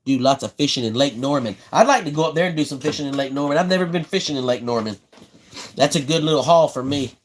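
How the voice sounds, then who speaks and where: A fast-talking man with a somewhat high voice hosts a casual fishing-rod-building livestream, with a little hiss or hum in the audio. He is from South Carolina, has a Southern accent, and stays laid-back, repeating himself as he talks.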